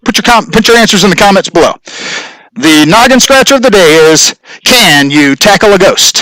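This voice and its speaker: Man, livestream host, rambling casual chat, bright and forward tone, dry close sound, laughs at his own puns. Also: high-pitched, no room sound, low-quality recording. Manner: rambling, chuckles at own corny jokes. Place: home workshop studio.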